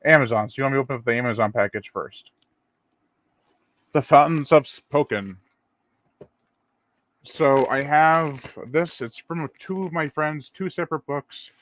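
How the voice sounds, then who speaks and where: A man's voice: mid-range voice, measured pace, pauses often, no room sound. Casual man hosting a dry live stream. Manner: rambling and relaxed, reads viewer comments aloud. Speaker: channel host.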